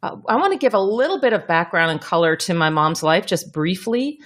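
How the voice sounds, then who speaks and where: With a lowish, slightly bright voice, this middle-aged podcast host talks a little fast in a sing-song way. Her manner is casual and reflective, with easy laughter and frequent restarts.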